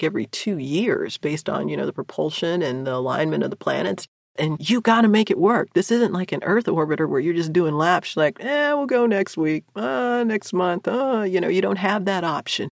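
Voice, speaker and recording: A woman's voice: sits low, gravelly, slightly rough, no echo, clean studio sound. A woman spacecraft engineer telling work stories in an interview, acting out her own quotes with animation. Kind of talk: interview storytelling.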